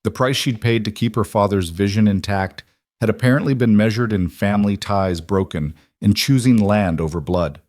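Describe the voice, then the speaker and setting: Male audiobook narrator for a frontier tale, low, measured, dry close mic. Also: dry recording. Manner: steady, measured storytelling.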